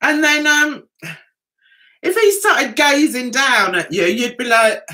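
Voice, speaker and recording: Livestream host, middle-aged woman, Mancunian accent, bright and bubbly tone, reads chat comments between giggles. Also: high-pitched, big pitch swings, a little slow. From Manchester, England. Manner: chatty, giggly, reads viewer comments aloud.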